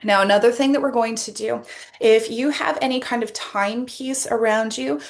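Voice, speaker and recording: A woman coach leading a guided self-care session with a breathing exercise, speaking calmly and encouragingly into a laptop camera mic. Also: on the high side. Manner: calm, encouraging, deliberate. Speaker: personal development coach.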